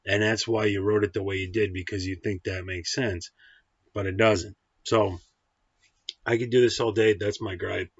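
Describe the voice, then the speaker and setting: A man's voice: fairly low pitch, fairly even intonation, normal speed, husky, no room sound. Blunt, profane man ranting a film review. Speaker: movie reviewer. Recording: dull, dry lo-fi sound.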